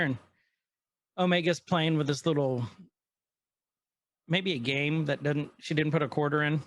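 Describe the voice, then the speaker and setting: A man's voice: fairly high pitch, moderate pace, vocal fry, pauses often, no echo. Chatty man retelling a show. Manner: animated retelling with quoted lines. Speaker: podcast co-host. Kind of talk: casual chat recapping an episode.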